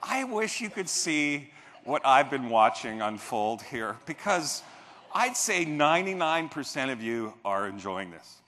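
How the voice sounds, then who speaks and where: This keynote speaker gives an animated motivational talk from a big convention stage, performing the quoted voices of characters in his stories. He speaks at medium pitch, a little slowly, with slight background noise and the reverb of the convention hall.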